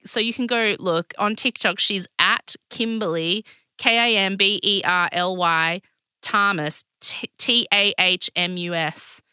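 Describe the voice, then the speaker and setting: Chatty woman, bright and dry. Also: mid-range voice, unhurried, smooth, dry recording. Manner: animated, chatty, lots of fillers and voices. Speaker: podcast co-host. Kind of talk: casual chat.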